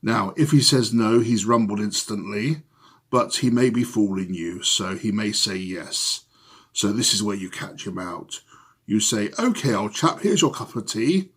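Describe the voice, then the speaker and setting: A man playing a pompous older upper-class British gentleman, lecturing in a comedy sketch. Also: on the low side, animated, unhurried, breathy edge. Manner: blustering, pompous, patriotic lecturing.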